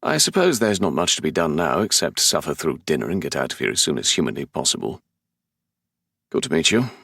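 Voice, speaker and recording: A man's voice: rumbling low, big pitch swings, fairly quick, gravelly, fairly bright tone, husky, no echo. A man with a London English accent narrating a romance audiobook in the first person, with a dry, sardonic, exasperated manner. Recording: dry close studio sound.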